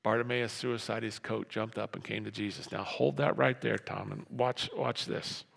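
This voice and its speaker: A man preaching a sermon as pastor, animated, repeating his phrases and acting out voices from the story. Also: fairly low pitch, normal speed, vocal fry. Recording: long hall reverb.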